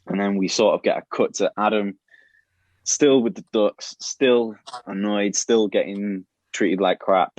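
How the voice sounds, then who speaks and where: A man's voice: lowish voice, fairly even intonation, a little slow, darkish tone, dry recording. A man on a podcast casually retelling a plot idea, rambling with many restarts and fillers. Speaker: podcast host pitching a show plot. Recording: dull, lo-fi and dry.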